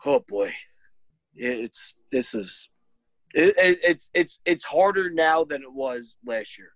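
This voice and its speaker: A man co-hosting a casual podcast, talking slowly in a high, gravelly voice that leaps up and down in pitch. He stammers through restarts, swears freely and breaks into loud laughter. The sound is dry and close to the mic. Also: animated, no room sound, low-quality recording. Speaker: podcast co-host. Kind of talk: casual chat.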